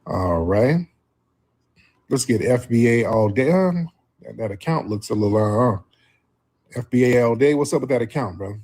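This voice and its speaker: A man's voice: mid-range voice, expressive, normal speed, long pauses, darkish tone, breathy edge. A man hosting a live stream, preaching at length and sparring with callers and trolls. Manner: preachy, combative, calls in viewers. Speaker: host.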